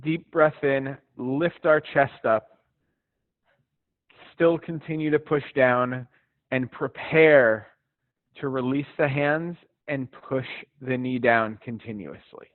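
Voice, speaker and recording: A man leading a live stretching class, guiding breaths and counts in a relaxed, encouraging, chatty way and checking in with students by name. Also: medium pitch, slow, no room sound. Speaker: fitness instructor. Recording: dry tinny phone-like sound.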